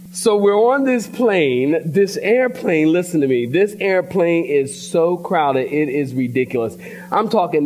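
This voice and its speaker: A man preaching a sermon as pastor in a church, telling stories in an animated way and sometimes shouting. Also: high-pitched, slight background noise.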